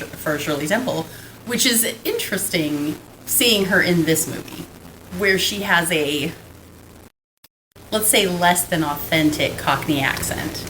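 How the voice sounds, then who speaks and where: A woman's voice: on the low side, a bit bright, slight background noise, poor audio. A middle-aged woman co-hosting a podcast, chatting casually about an old film, laughing often and restarting her sentences. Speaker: podcast co-host.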